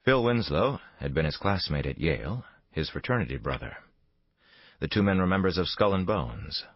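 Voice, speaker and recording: A man narrating a thriller audiobook in a measured, dramatic storytelling manner. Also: sits low, very animated, dry recording. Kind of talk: scripted narration. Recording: dull lo-fi dry recording.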